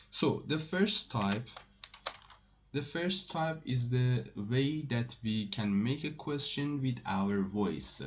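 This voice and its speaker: Slow, halting male language teacher. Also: mid-range voice, darkish tone, highs cut off. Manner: slow and halting, many fillers and restarts. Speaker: French teacher. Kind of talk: casual online language lesson.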